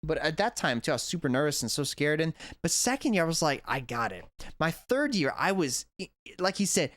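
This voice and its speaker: Man, lively swooping voice, rambling reaction vlog, dry close sound. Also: on the high side, fairly quick, dry recording. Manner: animated, rambling, self-correcting. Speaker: English teacher reacting to a video. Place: indoors at home.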